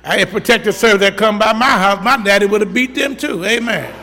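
A man's voice: high voice, brisk, sharp tone, in a large hall. A middle-aged man preaching a sermon, telling folksy stories and calling for amens from the congregation. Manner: storytelling, folksy, call-and-response. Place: church.

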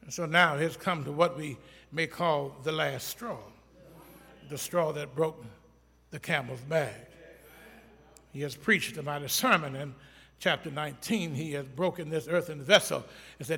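A man preaching a sermon, swinging between loud emphatic delivery and quiet pleading, acting out scripture in everyday speech. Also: on the high side, a little slow, gravelly, long pauses, slightly rough, in a large hall. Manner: acts out scripture quotes in colloquial speech.

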